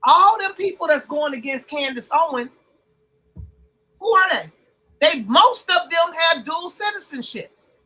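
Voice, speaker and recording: A woman's voice: very high-pitched, expressive, a little slow, pushed and bright, poor audio. A woman co-hosting a podcast, ranting bluntly and profanely in casual heated chat. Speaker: podcast co-host.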